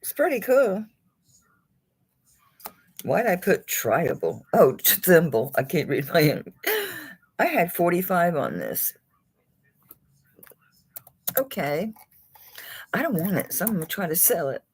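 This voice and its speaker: Low husky-voiced woman, lively chat. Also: slow, pauses often. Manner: chatty, chuckles, talks to the items she holds. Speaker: jewelry seller hosting a live auction. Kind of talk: casual live-stream auction chat.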